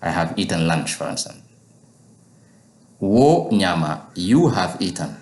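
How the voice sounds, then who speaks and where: A man's voice: low voice, lively intonation, measured pace, echoey room. A man teaching a language lesson, patiently repeating each word for learners.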